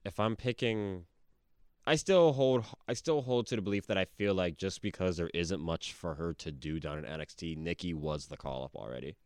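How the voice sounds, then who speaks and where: A man chatting casually as a podcast co-host, animated and quick to jump in with questions and opinions. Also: deep voice, clean tone, no room sound, clean studio sound. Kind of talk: casual chat.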